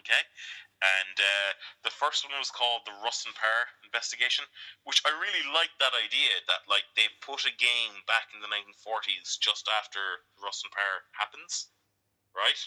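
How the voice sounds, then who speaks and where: A man co-hosting a casual podcast chat, animated and laughing, often acting out the characters he describes. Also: on the low side, normal speed, low-quality recording. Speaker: podcast co-host.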